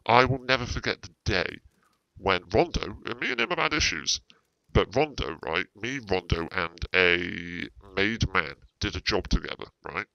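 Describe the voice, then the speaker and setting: Man, very low voice, bright edge, rambling, swears a lot, dry dull mic. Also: lively intonation, moderate pace, gravelly. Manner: rambling, repeats himself, swears freely. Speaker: roleplay streamer. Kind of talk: in-character roleplay chat.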